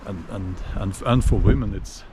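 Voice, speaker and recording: A man giving a casual opinion monologue while walking outdoors, unhurried and musing, with many fillers and restarts. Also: on the low side, mellow, a little hiss or hum. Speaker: video blogger.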